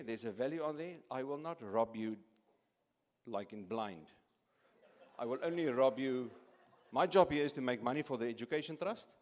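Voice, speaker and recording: A man's voice: mid-range voice, darkish tone. Joking man in an echoey hall. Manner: jokey, halting with many restarts and repeats. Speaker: charity auctioneer at an awards evening. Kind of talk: live event MC, joking auction patter. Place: large event hall.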